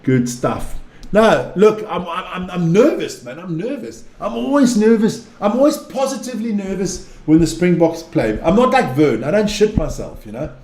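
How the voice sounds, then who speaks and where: A man's voice: high-pitched, lively intonation, moderate pace, darkish tone. A man casually chatting on a live stream, rambling, repeating himself and swearing freely as he reads viewer comments. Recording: echoey room with faint ambient noise.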